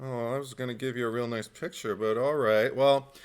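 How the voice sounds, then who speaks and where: A man voicing a creepy young male hitchhiker who is pushy and odd, speaking in a wheedling way that swings between bright and muttered. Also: mid-range voice, fairly even intonation, brisk, clean tone, natural voice.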